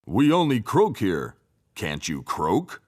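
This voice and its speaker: The biggest frog in the pond, bossy and grumpy, barking orders in a loud, gruff, stern voice, as a man puts him on. The pitch leaps around with a lot of life, like a storybook character. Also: wildly swooping pitch, slow, heavily acted. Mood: scolding. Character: big bossy grumpy old male frog.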